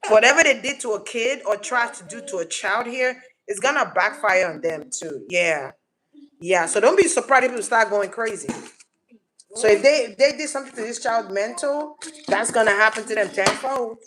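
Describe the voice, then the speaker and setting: A woman's voice: mid-range voice, background noise. A woman giving a casual collective tarot reading, blunt and slangy, swearing freely and repeating words for emphasis. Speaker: tarot reader.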